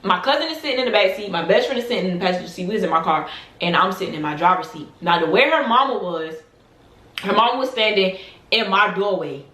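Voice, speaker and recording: A woman in her twenties telling a storytime tale to her vlog audience, animated and emphatic, full of slang. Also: medium pitch, quick pace, echoey room. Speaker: vlogger.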